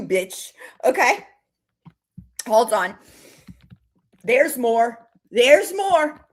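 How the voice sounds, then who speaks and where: High, lively-voiced woman taunting sarcastically. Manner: sarcastic and taunting, talks straight to the person; reads items aloud in a list. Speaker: commentary host. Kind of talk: mocking reaction commentary.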